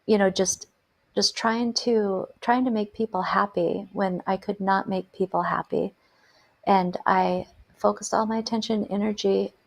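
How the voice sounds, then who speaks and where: A woman's voice: mid-range voice, creaky. A middle-aged woman telling her own story as host, earnest and reflective, with emphatic repetitions. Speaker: host, life coach and hypnotherapist. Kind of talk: personal storytelling to camera.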